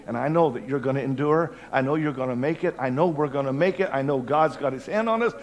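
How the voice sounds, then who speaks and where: A man preaching an altar call sermon, fervent, swinging between loud cries and hushed pleading. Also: mid-range voice, quick pace, hardly any pauses.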